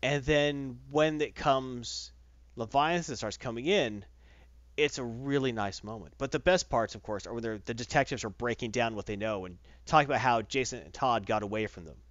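A man hosting a casual comic book recap, retelling the plot with animated delivery and quick character voices. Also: medium pitch, dry recording. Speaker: podcast host reviewing comics. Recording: dull lo-fi dry recording.

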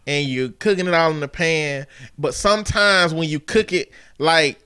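A man's voice: fairly high pitch, moderate pace, sharp tone, clean tone. A man co-hosting a casual chat, playful and teasing, drawing jokey comparisons. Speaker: podcast co-host.

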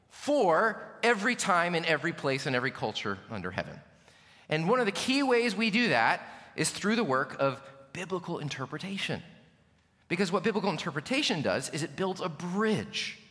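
An animated American pastor, his voice a little high, preaches a sermon with earnest emphasis and rhetorical questions. The recording has a long reverb from the echoing hall he's in.

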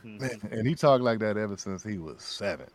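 A man talking as a guest voice actor in a casual podcast chat, an animated storyteller who laughs often and repeats his phrases. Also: on the low side, brisk.

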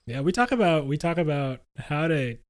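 A man co-hosting a podcast in casual chat, easygoing and quick to laugh, with dry humor. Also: fairly high pitch, expressive. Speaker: podcast co-host.

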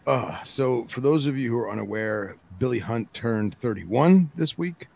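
Gravelly man telling a story. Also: mid-range voice, unhurried, background noise. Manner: animated storyteller. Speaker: podcast co-host. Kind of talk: casual storytelling.

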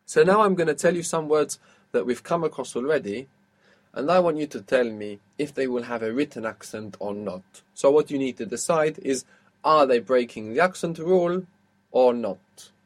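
A man's voice: mid-range voice, moderate pace. Patient man teaching a language lesson. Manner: patient, questioning, explains step by step.

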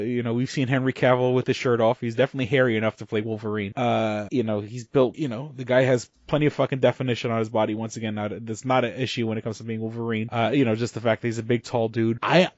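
A man's voice: medium pitch, dry recording. Rambling man on a lo-fi podcast. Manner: rambling, profane, many fillers and restarts. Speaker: podcast co-host. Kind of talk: casual podcast chat.

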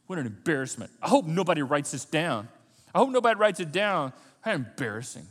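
Animated high-voiced male preacher. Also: fast talker, slightly rough, in a large hall. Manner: animated storytelling, acting out the scenes. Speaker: pastor. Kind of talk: sermon.

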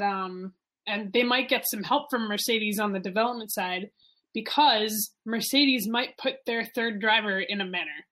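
A young woman co-hosting a podcast, chatting casually and relaxed, with frequent hesitations. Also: medium pitch. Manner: relaxed, hesitant, lots of ums. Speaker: podcast co-host. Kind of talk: casual chat.

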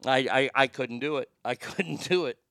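This show host, a middle-aged man, spins a story as a loose, foul-mouthed rant packed with stammering false starts. His medium-pitched voice has vocal fry and a pushed, bright quality while staying clean in tone, and he speaks at normal speed. The studio recording is clean with no echo.

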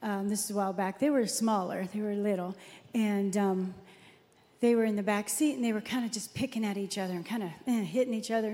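A woman in her fifties with a warm, medium-pitched voice co-hosts a faith-based talk, her voice carrying in a large hall. She's chatty and tells stories, quick to laugh.

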